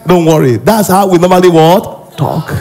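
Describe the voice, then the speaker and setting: A man preaching a sermon in a church. He is animated and often acts out characters. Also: a little high, moderate pace, faint music behind, some chatter behind. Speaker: pastor.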